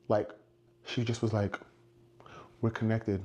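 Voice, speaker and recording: A man telling an animated story and acting out the quoted lines of the people in it. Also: quick pace, highs cut off. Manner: acts out quotes, shifts pitch for dialogue. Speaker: storyteller in a played clip.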